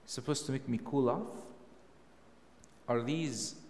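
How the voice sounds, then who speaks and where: Guy giving a sermon in a church, keeps asking the crowd questions, voice swells up loud, long echo in the hall. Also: medium pitch, slow, slight background noise. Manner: emphatic, rhetorical questions, rising to loud peaks. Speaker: preacher.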